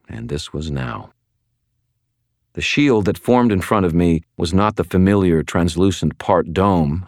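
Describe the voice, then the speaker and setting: Male audiobook narrator, first person, very deep and steady, dry booth sound. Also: dry recording. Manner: measured, steady storytelling with sudden shouted outbursts.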